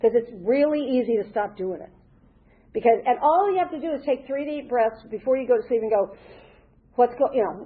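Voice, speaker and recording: A woman's voice: fairly high pitch, slightly rough. An older woman from the American South giving an earnest, rambling talk at a recovery meeting, often restarting her sentences. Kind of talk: personal share at a recovery meeting. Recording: tinny phone-like recording.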